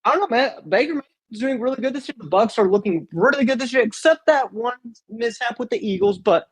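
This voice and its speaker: A man's voice: very high-pitched, expressive, brisk, dry recording. A young man co-hosting a casual sports picks chat, rambling and full of fillers. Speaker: co-host.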